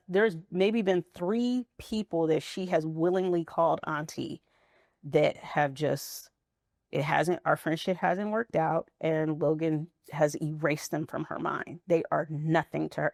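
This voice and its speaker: Woman guest, candid and reflective, lower pitch with gravelly texture. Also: steady tone, moderate pace, a little mellow, no echo, studio quality. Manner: frank, reflective storytelling. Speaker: interview guest, mother. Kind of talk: candid conversational interview.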